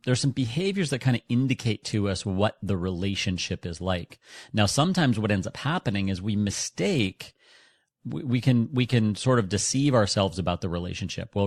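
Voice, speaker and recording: A man with a fairly low voice explains dog training in a conversational podcast. He talks loosely and often restarts his sentences. The sound is dry and close. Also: lively intonation, moderate pace, no echo. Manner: conversational, frequent restarts and hedges. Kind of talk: instructional podcast talk.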